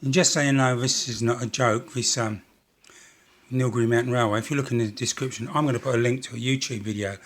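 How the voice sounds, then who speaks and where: A man's voice: mid-range voice, fairly even intonation, fast. A man hosting a model railway channel, narrating his build in a rambling, casual way with jokey, self-deprecating asides.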